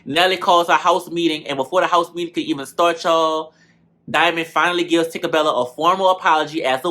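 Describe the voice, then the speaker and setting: A man with a bright, fairly high voice runs through a reality show episode for his viewers. He talks in an animated, gossipy way, swearing freely and calling everyone y'all. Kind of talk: casual recap commentary.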